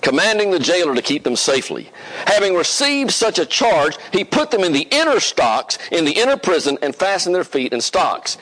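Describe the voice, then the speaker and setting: Animated preacher with a lively high voice. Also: male voice, moderate pace, low-quality recording. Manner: animated, leads the congregation in song. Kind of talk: sermon with congregational singing.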